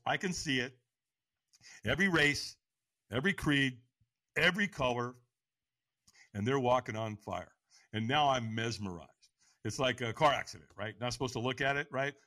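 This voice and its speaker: A man's voice: medium pitch, normal speed, sharp tone, no room sound. A middle-aged man telling a personal story as a podcast guest, acting out other people's lines in a raised voice and laughing often. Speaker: podcast guest, firewalk instructor. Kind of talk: animated storytelling.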